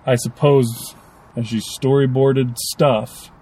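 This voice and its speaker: A man's voice: medium pitch, steady tone, slow pace, mellow, slightly rough. A man co-hosting a casual podcast chat, rambling and acting out little quoted lines. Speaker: podcast co-host.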